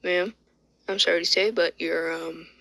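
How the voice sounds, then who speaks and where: A woman's voice: on the low side, fairly even intonation, normal speed, creaky, sharp tone, dry recording, heavily acted. A woman voicing a sly adult male doctor who delivers bad news with false apology and a hidden cheer. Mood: falsely sorry. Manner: falsely apologetic, secretly pleased.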